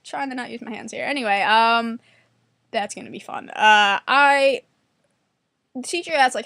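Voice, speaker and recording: Fast-talking sarcastic young woman. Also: bright, forceful tone, dry recording. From New York. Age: 20s. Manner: acts out quotes in a higher voice. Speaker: vlogger. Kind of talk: casual monologue to camera.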